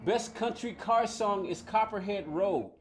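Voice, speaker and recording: A gaming streamer plays a racing game, rambling in casual chat, reading messages aloud and laughing often. His voice sits high and he speaks unhurriedly, with slight background noise.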